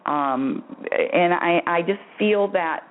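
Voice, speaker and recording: An effusive woman hosting a call-in spiritual radio show. She talks with animated swings and frequent laughs and repeats her phrases for emphasis. The audio is thin and tinny, like a phone line. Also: fairly low pitch, takes it slowly. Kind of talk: call-in radio advice talk.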